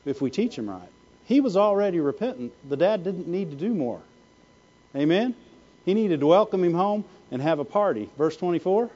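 A man's voice: sits high, warm tone, breathy edge, lo-fi sound. A man preaching a sermon, asking the congregation "Amen?" and "Why?" again and again. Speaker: pastor.

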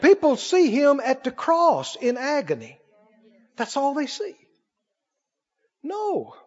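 A man preaching a sermon to a congregation, animated, laughing often and asking them questions. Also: very high-pitched, takes it slowly, lo-fi sound.

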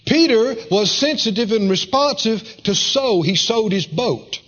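A male preacher giving a folksy, animated sermon, telling the story in a lively way, in a dull lo-fi recording. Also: high-pitched, unhurried.

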